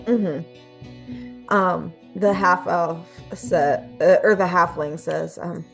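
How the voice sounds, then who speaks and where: A woman narrating as game master of a tabletop game, talking in a relaxed way with many ums and uhs. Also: lowish voice, very slow, creaky, soft background music.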